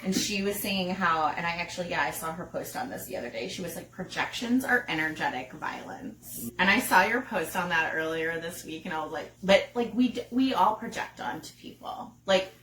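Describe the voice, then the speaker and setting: A woman's voice: fairly low pitch, animated, a little fast, hardly any pauses, a bit bright. A woman co-hosting a podcast in casual chat, talking frankly, laughing and reading comments aloud. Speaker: podcast co-host. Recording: roomy room, voice off-mic, faint noise.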